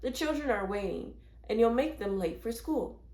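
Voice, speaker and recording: A woman's voice: fairly high pitch, lively intonation, moderate pace, dark tone, lightly acted. A proper, earnest mother fretting over her child, as a woman reads her aloud. She speaks primly and carefully, with a slight lift when she is anxious. The reading carries an echoey room sound. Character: worried, proper mother of a young girl.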